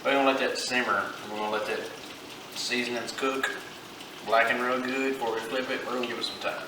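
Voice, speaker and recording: In a casual kitchen cooking vlog, a fishing channel host talks in an easygoing, folksy manner, his mid-range voice level and a little fast. The audio is noisy, with the mic far off, kitchen echo, and frying and sizzling sounds.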